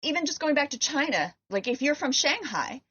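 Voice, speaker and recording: A woman's voice: high voice, sing-song, a little fast, pushed and bright. Co-host, female, from California. Chatty, conversational, slightly dull lo-fi sound. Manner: chatty, explains with many "like"s and "um"s. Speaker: podcast co-host. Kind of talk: casual chat. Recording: lo-fi podcast recording.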